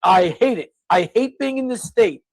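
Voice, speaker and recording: A man's voice: high voice, lively intonation, normal speed, gravelly, no echo, poor audio. A man co-hosting a casual podcast, telling stories and ranting in exasperated bursts. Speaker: co-host.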